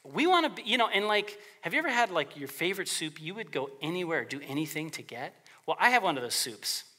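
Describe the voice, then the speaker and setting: A male pastor delivering a relaxed, conversational sermon, his voice bright and forceful. His pitch swings widely as he talks, and he slips into quick character voices for the people he quotes.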